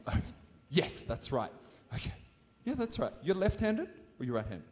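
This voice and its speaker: A man's voice: fairly high pitch, wildly swooping pitch, moderate pace. An Australian man presenting a live science demonstration on stage, playful and jokey with a volunteer and the crowd. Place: stage in a large hall with an audience. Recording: reverberant hall.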